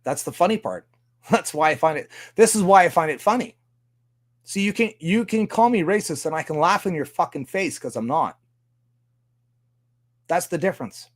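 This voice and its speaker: The host of this livestream is a Canadian man whose voice is a little high and animated, at a moderate pace with frequent pauses. He rants casually, cursing heavily and laughing often.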